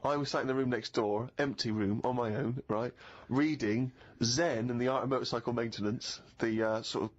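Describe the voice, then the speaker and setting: A man with a mid-pitched voice spins self-deprecating anecdotes in a wry, articulate manner. The radio recording is dull and lo-fi, and the talk is relaxed and conversational. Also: normal speed, few pauses. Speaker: radio comedy co-host. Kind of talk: conversational storytelling. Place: radio studio.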